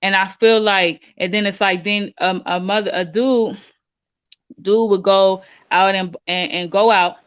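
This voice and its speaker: A woman calling in to share a personal testimony, telling her story in a rambling, animated way. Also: mid-range voice, unhurried, clear, resonant tone, lo-fi sound. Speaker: caller. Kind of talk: call-in testimony.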